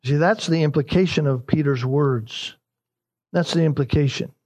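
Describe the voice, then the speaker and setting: High-voiced man preaching a sermon. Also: moderate pace, a little mellow. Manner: emphatic, repeats key lines, rises in pitch for emphasis. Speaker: pastor.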